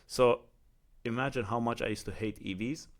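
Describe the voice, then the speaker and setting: A man's voice: mid-range voice, steady tone, normal speed. A man with an Emirati accent telling a casual, heated story in a vlog, filling his talk with "like" and "you know". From United Arab Emirates. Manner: heated, chatty, heavy use of "like" and "you know". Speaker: vlogger.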